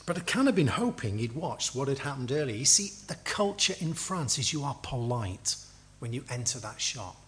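A man's voice: medium pitch, big pitch swings, moderate pace, fairly bright tone. Middle-aged english guy preaching, storytelling, swoops up and down a lot. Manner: storytelling with acted quotes and dry humor. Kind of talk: sermon.

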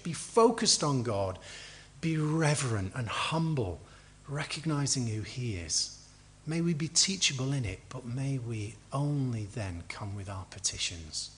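Lively middle-aged preacher telling stories. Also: male voice, on the high side. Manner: storytelling with acted quotes and dry humor. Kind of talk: sermon.

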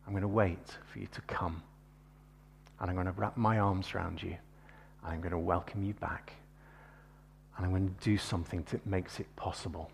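A man voicing God as a patient, forgiving figure, speaking softly and tenderly. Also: sits low, fairly even intonation, moderate pace, creaky, pauses often, a little hiss or hum. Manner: soft, hushed, tender.

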